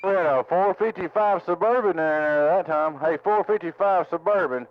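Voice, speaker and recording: A man's voice: high voice, normal speed, dull audio. A man at his home radio station, chatting on CB and repeating call signs and handles in radio lingo. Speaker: CB radio operator.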